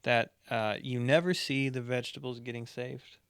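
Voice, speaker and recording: Smooth-voiced young man, jokey podcast co-host. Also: little pitch movement, moderate pace, fairly bright tone, no room sound, studio quality. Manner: jokey, bursts into high falsetto singing and impressions. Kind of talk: casual chat.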